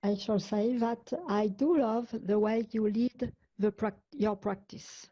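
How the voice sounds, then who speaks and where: Woman, French accent, slow and mellow, dull call audio. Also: medium pitch, steady tone. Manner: hesitant, restarts words. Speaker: group participant.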